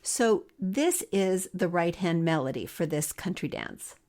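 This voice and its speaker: A woman's voice: on the low side, sing-song, measured pace. A middle-aged woman from the Philadelphia area, teaching harp in a friendly, explanatory way. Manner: friendly explanatory, sings rhythms. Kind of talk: podcast music lesson.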